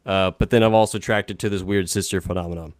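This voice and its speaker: Man, low voice, dry close sound, eager podcast talker. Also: steady tone, quick pace, dry recording. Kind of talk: casual podcast chat.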